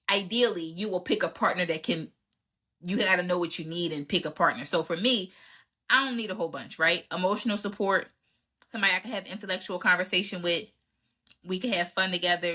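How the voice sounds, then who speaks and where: A woman in her thirties talking through relationship advice in a casual, candid way. Her voice is bright and forceful, pitched a little low for a woman, and she is emphatic as she acts out old conversations with men she dated. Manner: candid and emphatic, acts out exchanges with past dates. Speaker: podcast host answering relationship questions.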